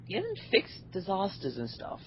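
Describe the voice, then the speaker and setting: A man's voice: high voice, wildly swooping pitch, normal speed, highs cut off, a little hiss or hum. A man co-hosting a casual gaming podcast, rambling and complaining animatedly. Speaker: podcast co-host.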